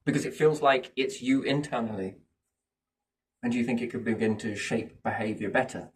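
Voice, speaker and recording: A man's voice: mid-range voice, moderate pace, a little hiss or hum. A man musing in a casual chat, rambling from thought to thought and often asking rhetorical questions. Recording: voice a bit far from the mic.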